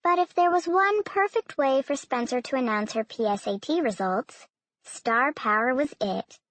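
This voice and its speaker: A woman narrating an audiobook in an even, storytelling manner. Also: sits high, moderate pace, no echo. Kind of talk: scripted narration.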